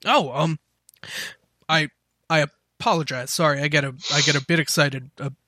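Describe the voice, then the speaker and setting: A man's voice: fairly high pitch, fairly even intonation, moderate pace, bright, forceful tone, no room sound, clean studio sound. Man doing an absent-minded, flustered professor. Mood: apologetic. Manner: flustered, apologetic, trailing off.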